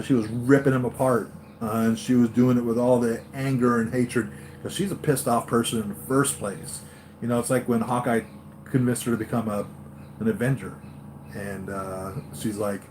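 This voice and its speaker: A man hosting a live stream for his toy-collector channel, chatting excitedly and going off on tangents, with lots of fillers and restarts. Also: medium pitch, slight background noise. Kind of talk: rambling live-stream fan chat.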